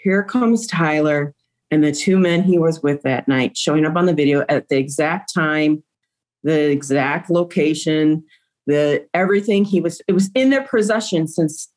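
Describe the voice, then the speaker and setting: A woman's voice: low voice, unhurried, a little mellow. A middle-aged woman, a grieving mother, recounting events in an interview with emotion and acting out quoted dialogue.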